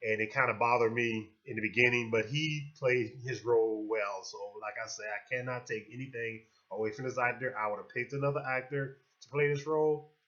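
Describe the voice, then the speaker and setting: Bright-voiced man reviewing a film. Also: mid-range voice, fairly even intonation, a little fast, highs cut off. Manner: rambling, with many fillers and restarts. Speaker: movie reviewer. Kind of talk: casual spoken movie review.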